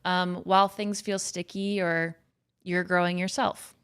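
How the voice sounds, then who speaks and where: A woman's voice: lowish voice, little pitch movement, measured pace, fairly bright tone, clear, resonant tone. A woman co-hosting a podcast, introducing the topic and guest in an enthusiastic, gushing way. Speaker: podcast co-host. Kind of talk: casual podcast chat.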